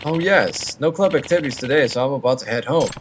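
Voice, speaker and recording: A man voicing a gentle, smiling male teacher who loves flowers, reading game dialogue in a soft, calm, cheerful way. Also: medium pitch, fast, a little hiss or hum, close to an everyday voice.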